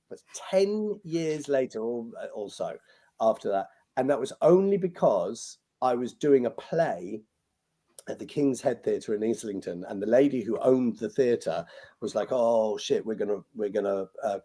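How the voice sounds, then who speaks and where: British male magician, chatty anecdotal guest, mid-pitched, lively and a bit sweary. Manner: animated, swears freely, acts out quoted lines. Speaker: podcast guest, magician and compere. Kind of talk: anecdotal storytelling interview.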